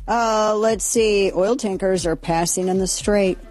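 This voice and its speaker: A woman's voice: medium pitch, steady tone, unhurried, darkish tone, soft background music. A woman hosting a radio talk show, chatting casually through news items with fillers and asides. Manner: chatty, rambling, lots of fillers. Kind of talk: casual news chat and read ad.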